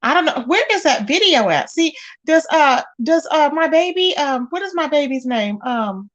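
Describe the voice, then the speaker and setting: Woman host for a casual gossip livestream, a little high-voiced, talkative, talks right to the chat. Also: expressive, normal speed, a bit bright, highs cut off. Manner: chatty, addresses viewers directly, exclaims often. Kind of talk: casual live-chat commentary.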